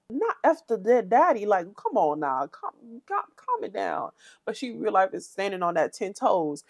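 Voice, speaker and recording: A woman giving a casual, chatty recap of a reality show, often imitating the cast in a higher voice. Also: normal speed, vocal fry, dry recording. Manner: chatty, animated, mimics cast members in high voices.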